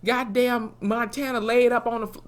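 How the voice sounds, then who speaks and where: A young woman, recapping a TV episode in an animated, profane way and acting out the characters' lines. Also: fairly high pitch, moderate pace. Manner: animated, profane storytelling with acted-out quotes. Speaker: TV episode reviewer. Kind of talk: casual recap vlog.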